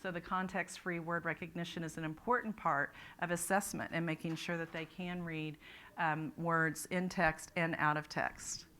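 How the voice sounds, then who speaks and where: A woman's voice: fairly low pitch, steady tone, moderate pace, pushed and bright, a little hiss or hum. A woman presenting a literacy talk at a conference, explaining ideas step by step with frequent restarts. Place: conference room.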